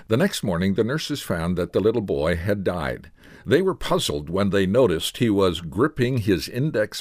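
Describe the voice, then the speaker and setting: A man hosting a short devotional radio message, telling a story earnestly and putting gentle questions to the listener. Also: fairly low pitch, no room sound, clean studio sound. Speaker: radio Bible teacher, host.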